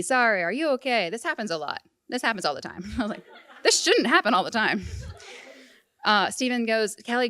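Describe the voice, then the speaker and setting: Lively young woman telling a story. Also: medium pitch, smooth, no room sound, clean studio sound. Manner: animated, comic, quick bursts. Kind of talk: live personal storytelling. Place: event hall before an audience.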